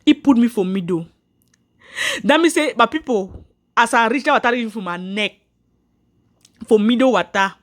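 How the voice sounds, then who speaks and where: A woman's voice: fairly high pitch, expressive, moderate pace, pauses often. A woman, telling viewers her own story earnestly, repeating herself and restarting lines. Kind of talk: personal story told to viewers.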